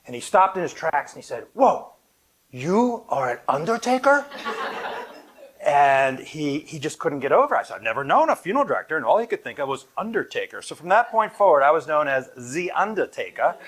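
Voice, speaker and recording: A man's voice: on the high side, very animated, fast, few pauses, fairly bright tone. A middle-aged man, a funeral director, gives a live talk to an audience in a conversational, anecdotal way with light humor. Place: event room at a funeral home, with an audience present.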